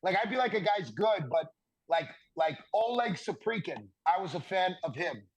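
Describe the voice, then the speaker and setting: A man in his thirties, a podcast guest telling stories in a casual, animated way and laughing through the punchlines. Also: high voice, normal speed, breathy edge, highs cut off. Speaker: podcast guest, former hockey defenseman. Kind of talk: casual storytelling.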